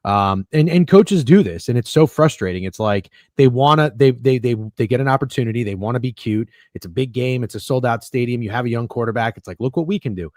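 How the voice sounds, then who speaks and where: Sports pod host guy running the talk, quoting numbers, normal pitch, dry mic. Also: a little fast, few pauses, darkish tone, dry recording. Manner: leads the discussion, cites stats. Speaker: podcast host. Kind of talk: casual sports chat.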